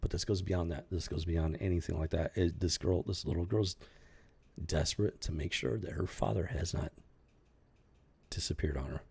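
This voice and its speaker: Deep gravelly husky man. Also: fairly even intonation, a little mellow. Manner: halting, earnest, repeats and restarts phrases. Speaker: channel host commenting on a news story. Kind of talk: casual spoken commentary.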